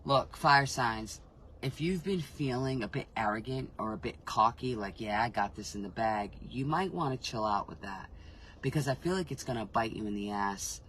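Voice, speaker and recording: A man's voice: mid-range voice, expressive, moderate pace, a bit bright, slight background noise, poor audio. Rambling man giving a casual spiritual reading. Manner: rambling, self-interrupting, swears freely; frank, emotionally reactive. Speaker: intuitive reader.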